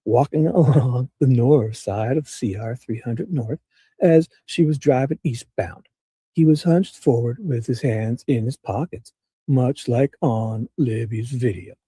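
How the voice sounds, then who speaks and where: A man's voice: mid-range voice, mellow, husky, dry recording. A man putting on a drawling good-old-boy prosecutor. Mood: pompous. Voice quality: slow drawling delivery. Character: pompous good-old-boy male small-town prosecutor.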